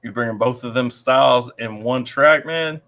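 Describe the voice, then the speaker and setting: Bright laughing livestream host. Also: male voice, mid-range voice, moderate pace. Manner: laid-back, laughing, teasing. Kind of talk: casual chat.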